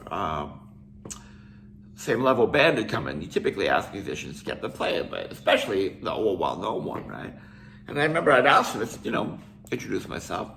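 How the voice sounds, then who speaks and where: A man's voice: medium pitch, vocal fry, fairly bright tone, a little hiss or hum. An older man from Canada, casually telling a rambling story with restarts and asides. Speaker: musician telling a tour story.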